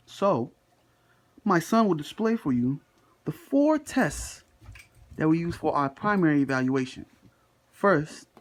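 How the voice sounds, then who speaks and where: A young man playing a boastful shoulder-doctor dad. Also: sits high. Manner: lecturing, with casual slangy asides. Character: boastful middle-aged father who is a shoulder doctor. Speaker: student performer in a school skit. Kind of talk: comedic skit with a medical lecture.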